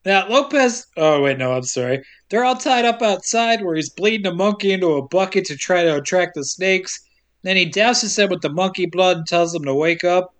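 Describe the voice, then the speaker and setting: A man with a notably high voice tells a film's story in a casual, deadpan recap. He drops in silly jokes as he goes and laughs easily. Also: normal speed. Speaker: podcast co-host recapping a film. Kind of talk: casual comedic plot recap.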